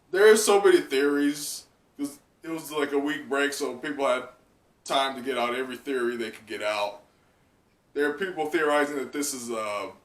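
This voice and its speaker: A man chatting excitedly through a live reaction, talking loosely with lots of "like" and trailing thoughts. His voice sits at an ordinary middle pitch. The mic is set back from him, and the room gives the sound a noticeable echo. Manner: excitable, chatty, heavy use of "like". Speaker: manga reaction channel host. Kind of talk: casual live reaction commentary. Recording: roomy sound from a distant mic.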